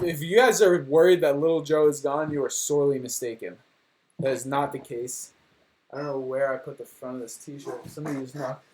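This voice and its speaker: A man's voice: on the high side, heavy background noise. Rambling joking young man on a livestream. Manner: rambling, joking, self-deprecating. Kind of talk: casual livestream chat. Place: home room.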